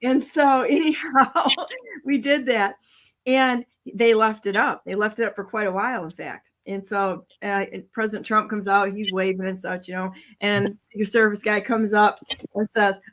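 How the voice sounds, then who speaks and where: A woman's voice: medium pitch, normal speed, a little hiss or hum. Chatty female talk show host. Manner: lively, laughs often, acts out what others said. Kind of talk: casual storytelling on a talk show.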